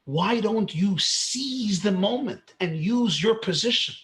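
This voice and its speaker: A calm, encouraging elderly rabbi, as a man puts him on. He talks slowly and earnestly, in a fairly high voice for a man. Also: full character voice.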